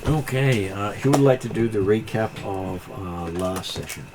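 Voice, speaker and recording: A man's voice: on the low side, moderate pace, noisy background. A man game master introducing players and calling for a recap, with hesitant uhs. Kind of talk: hosting a tabletop game.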